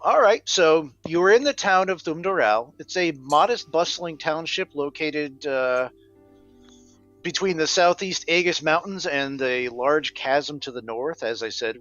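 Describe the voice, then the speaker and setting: A man's voice: a little high, lively intonation, a little slow, fairly bright tone, lo-fi sound, faint music behind. A man narrating as game master for a tabletop game, setting scenes in an easygoing way with many fillers.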